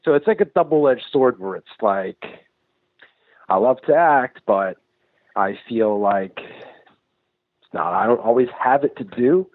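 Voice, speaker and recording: A man from New England, a filmmaker and actor, rambles through his stories with loose, cheerful profanity. His voice sits at an ordinary middle pitch. The recording sounds thin and phone-like, with no room echo at all. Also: slow pace, pauses often. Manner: loose, profane, animated storytelling. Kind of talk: casual interview chat. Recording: dry, tinny phone-like sound.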